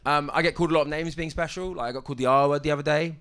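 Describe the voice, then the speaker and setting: A young man with a fairly high voice does a stand-up set at a comedy club mic. He talks in a halting, deadpan way, often stopping on ums and restarting sentences. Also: clear, resonant tone.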